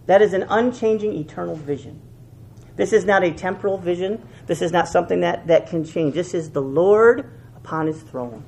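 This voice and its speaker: A man preaching a sermon as pastor, moving from quiet prayer to fervent, emphatic preaching, often repeating phrases for weight. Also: normal speed, gravelly, slight background noise. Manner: fervent preaching, swings between loud peaks and hushed lows.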